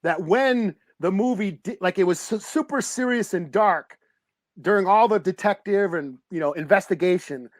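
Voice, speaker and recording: High-voiced excitable man, rambling chat. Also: moderate pace, dry recording, clean studio sound. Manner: rambling, excitable, swears freely. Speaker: podcast co-host. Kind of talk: casual movie review chat.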